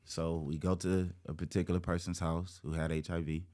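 A man's voice: level tone, fairly quick, darkish tone. A man, a guest on an interview show, telling a personal story and acting out the voices of the people in it. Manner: acts out quoted voices, jumping high in pitch. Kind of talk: animated storytelling.

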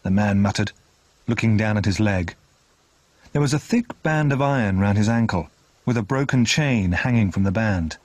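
A man narrating a retold classic novel in an expressive, dramatic reading style. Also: fairly low pitch, normal speed, no room sound. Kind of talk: scripted storybook narration.

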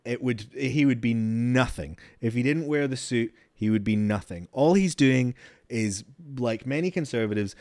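A man's voice: medium pitch, darkish tone, no room sound, studio quality. Sweary man ranting. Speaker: streamer reacting to a clip. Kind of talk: casual reaction commentary.

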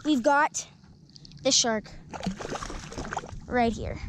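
Young woman, high voice, excitable, live fishing talk, noisy outdoor sound. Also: very slow. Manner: excitable, breathless coaching. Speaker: angler. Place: outdoors on a paddleboard. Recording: outdoor noise.

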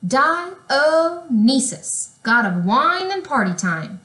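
A woman voicing a wild little male party god in a drawn-out singsong. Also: high voice, very animated, bright, forceful tone, echoey room, voice pushed up, full character voice.

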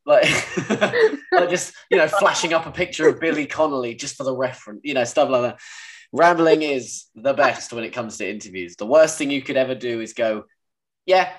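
A man's voice: medium pitch, animated, a little fast. A man hosting a casual interview, joking, laughing along and phrasing questions loosely. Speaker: interviewer host.

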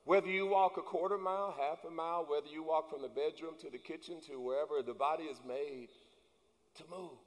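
A man preaches in a church, swinging between quiet asides and shouted, rising points. His voice carries a long hall reverb as he calls out to the congregation. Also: a little high, steady tone, brisk. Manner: preaching with rising, shouted emphasis and call-and-response. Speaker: pastor. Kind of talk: sermon. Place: church sanctuary.

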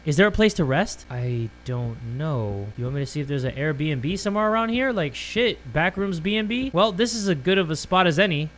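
Guy with a highish bright voice playing a scary game, swears, jumps, cracks jokes. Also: animated, a little fast, hardly any pauses, a little hiss or hum. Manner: jumpy, swears a lot, yells at monsters then jokes. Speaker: gaming YouTuber. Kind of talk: horror game let's play commentary.

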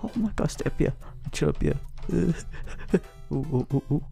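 A young man keeps his gaming commentary hushed so he won't wake his family, yet his pitch keeps jumping wildly as he panics. He has a gravelly, fry-laden voice and swears under his breath. Often he drops almost to a whisper, close to his desk microphone. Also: fairly quick, soft background music. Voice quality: tense and excitable, swearing in bursts, often dropping to a near whisper. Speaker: gaming YouTuber. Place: home at night while family sleeps.

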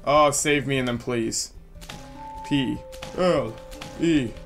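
A man's voice: mid-range voice, slow, creaky, soft background music. Joking man playing a game. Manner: joking, chatty. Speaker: gameplay commentator. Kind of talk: casual let's play commentary.

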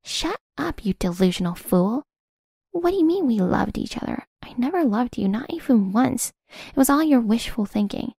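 Woman doing a sneering greedy mistress, sharp and cold, a bit gravelly. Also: on the high side, lively intonation, moderate pace, no echo, clean studio sound, pitched above the performer's own voice, exaggerated voice. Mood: contemptuous. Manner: contemptuous, sharp. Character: scornful young mistress, greedy and cruel.

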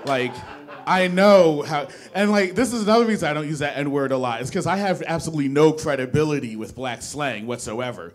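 A man's voice: fairly high pitch, brisk. A young man doing a stand-up comedy set, rambling and self-deprecating, often stopping and restarting his sentences. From New Jersey. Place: small studio with a live audience.

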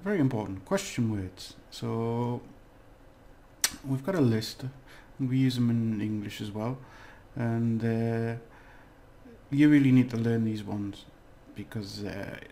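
Guy doing a laid-back lesson, low mellow voice with some fry, lots of uhs and little jokes. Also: takes it slowly, a little hiss or hum. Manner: rambling, hesitant, with jokes and fillers. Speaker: language teacher. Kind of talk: casual video lesson.

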